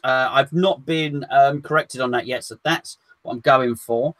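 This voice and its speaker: A man's voice: mid-range voice, unhurried, fairly bright tone, no echo. A man co-hosting a casual football fan chat, joking and trading banter with frequent restarts. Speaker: co-host of fan show.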